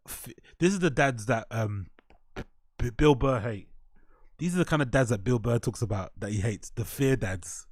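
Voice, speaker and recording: A man of middle pitch talks loosely and sarcastically about posts he is reading, peppering his lines with swearing and quick laughs. His voice sits in a dry room with no echo, close and plain. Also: animated. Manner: mocking, profane, often breaks into laughter. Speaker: show host. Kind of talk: casual commentary reacting to online posts.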